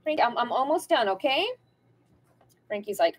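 A woman's voice: on the high side, lively intonation, normal speed, long pauses, noisy background. Chatty woman reading tarot cards. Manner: chatty, rambling, spiritual, addresses viewers as "you guys". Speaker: tarot card reader. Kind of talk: casual pick-a-card tarot reading.

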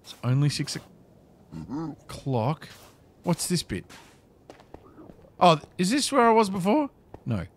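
A man's voice: on the high side, wildly swooping pitch, takes it slowly, long pauses. Flustered man in gameplay chat. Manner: chatty, flustered, talks to game creatures. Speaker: gaming video creator. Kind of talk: casual gameplay commentary.

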